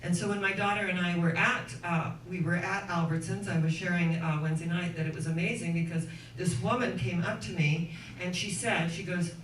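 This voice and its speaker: A woman's voice: lowish voice, steady tone, brisk. A middle-aged woman minister preaches in an earnest, storytelling way and builds her points into rhythmic lists. She is picked up from a distance in a roomy, echoing church. A faint hiss sits under her voice. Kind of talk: sermon. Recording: echoey room, distant mic, faint noise.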